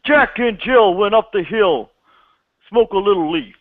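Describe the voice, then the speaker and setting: A woman voicing a swaggering, vulgar male stand-up comic, loud and crude. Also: mid-range voice, expressive, a little slow, narrow, tinny audio, pitched above the performer's own voice, lightly acted. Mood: brash.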